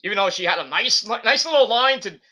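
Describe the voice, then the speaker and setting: High-pitched and animated, the host talks fairly quickly in a bright, forceful tone. He reviews wrestling from his computer, rambling, cursing and constantly correcting himself.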